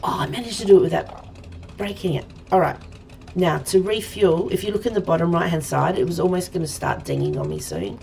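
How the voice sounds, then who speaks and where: A woman's voice: lowish voice, very animated, a little fast, vocal fry, darkish tone, slight background noise. An Australian woman in her forties chatting casually to viewers while she streams a game, rambling as she plays. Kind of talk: casual let's-play chat.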